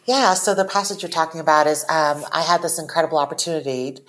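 A woman in her forties, born in Taiwan and raised in the US, speaking earnestly as a podcast guest and reading her own writing aloud slowly. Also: deep voice, fairly bright tone. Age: 40s. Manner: reflective, earnest, slows down when reading. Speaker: author guest.

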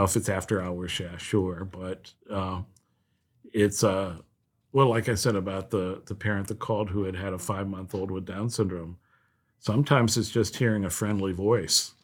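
A man from Ohio speaks as an interview guest, heartfelt and halting, his talk full of fillers. His voice is fairly low. He trails off and restarts often as he goes. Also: steady tone. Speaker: nonprofit president, guest. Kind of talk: casual interview chat.

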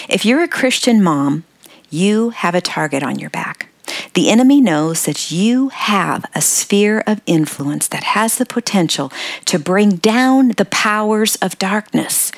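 An older woman hosts a devotional podcast, speaking earnestly and encouragingly and softening into breathy tones on key words. Her voice is low-pitched, and the recording is dry.

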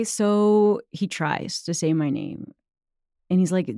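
Thirties woman telling a story in a chat, low mellow voice, dry sound. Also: takes it slowly, dry recording. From United States. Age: 30s. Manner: reflective storytelling, many fillers. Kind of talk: casual chat.

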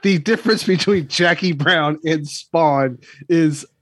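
A man's voice: fairly high pitch, takes it slowly, a bit bright, no echo. A man co-hosting a casual movie podcast, tossing in playful questions and remarks. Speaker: podcast co-host.

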